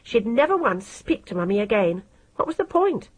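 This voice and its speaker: A woman narrating an audiobook in a steady, measured reading style. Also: medium pitch, slightly rough, rough recording. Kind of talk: scripted narration.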